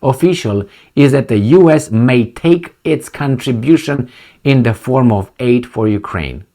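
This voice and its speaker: Middle-aged man, commentary vlogger, indignant and sarcastic, very lively pitch. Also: unhurried. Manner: sarcastic, indignant, swings between loud outbursts and muttered asides. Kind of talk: reading news and ranting.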